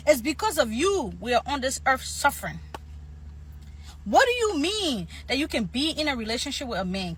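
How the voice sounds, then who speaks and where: A woman's voice: fairly high pitch, fairly bright tone, a little hiss or hum, poor audio. A woman with an African accent giving an emphatic opinion commentary, often repeating herself for stress.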